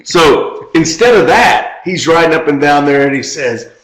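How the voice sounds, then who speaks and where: A man's voice: a little high, expressive, normal speed, echoey room, a crowd in the background, low-quality recording. A man co-hosting a podcast in casual chat, rambling through a story and laughing at his own jokes. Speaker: podcast co-host.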